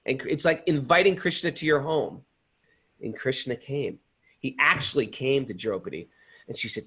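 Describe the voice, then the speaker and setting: A man hosting a spiritual talk, telling a story in an animated, earnest way. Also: mid-range voice, moderate pace, slightly rough. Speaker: host. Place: home in upstate New York.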